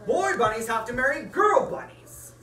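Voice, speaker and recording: A woman's voice: on the high side, expressive, moderate pace, a little hiss or hum, voice pushed up. A woman putting on a pompous bossy stink bug. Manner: loud and domineering. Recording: echoey room from far off.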